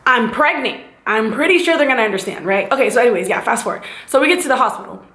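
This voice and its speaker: A young woman vlogger telling a casual, animated storytime, acting out the voices of the people in it. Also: a little high, quick pace, echoey room. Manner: animated, acts out voices and sound effects.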